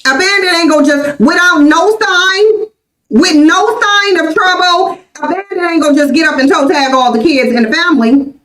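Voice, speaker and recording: A woman's voice: very high-pitched, normal speed, a bit bright, echoey room, rough recording. An American woman in her forties hosting a livestream, talking emphatically and repeating her points insistently. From United States. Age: 40s. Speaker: livestream host. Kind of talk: livestream commentary.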